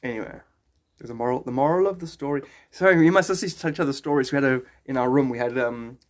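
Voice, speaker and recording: A man's voice: mid-range voice, racing. A man chatting casually on a phone live stream, rambling and joking, often slipping into silly voices.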